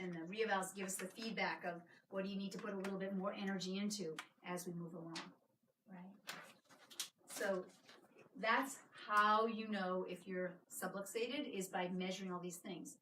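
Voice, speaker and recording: A woman chiropractor giving a live workshop to patients, energetic and coaxing, often checking in with "right?". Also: on the low side, normal speed, noisy background. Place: clinic room with a small audience. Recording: echoey room, mic at a distance.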